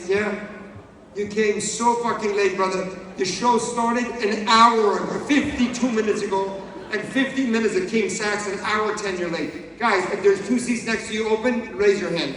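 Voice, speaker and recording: Brief: stand-up comic from Iran, high voice, animated storyteller, live hall with long echo. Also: male voice, a little hiss or hum. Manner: animated storytelling, bursts of sung and shouted bits. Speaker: stand-up comedian. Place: theatre stage. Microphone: handheld mic. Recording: echoey hall from far off.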